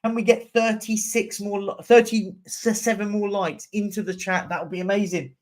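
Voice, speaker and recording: A man's voice: high voice, steady tone, normal speed. A young man hosting a live stream, chatting casually and answering viewer comments as they come in. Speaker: livestream host.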